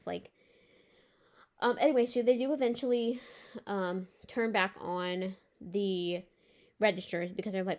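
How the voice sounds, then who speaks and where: A young woman vlogger tells a story as a casual, exasperated rant, swearing and saying "like" a lot. Her voice is mid-range and her speed normal.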